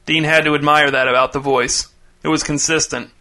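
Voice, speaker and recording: A man narrating a short story in a measured, deadpan reading. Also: a little high.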